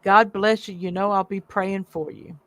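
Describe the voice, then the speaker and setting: A woman hosting a livestream in casual chat, reading viewer comments aloud in a chatty, warm way. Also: medium pitch, steady tone, moderate pace, poor audio. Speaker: livestream host.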